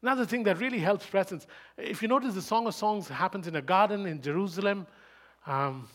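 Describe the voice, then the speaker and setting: A man delivering a sermon at a quick clip, his voice sitting a little high. He drives his points home with rhetorical questions and repeats key words with rising force. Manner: emphatic, rhetorical questions, rises to loud bursts; speaks fast. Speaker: preacher.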